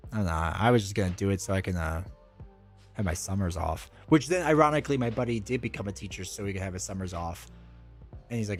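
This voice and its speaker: Man, middle-aged, casual live-stream chatter, rambling, mid-pitched voice, faint music behind. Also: darkish tone. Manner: rambling, chatty, reads chat aloud.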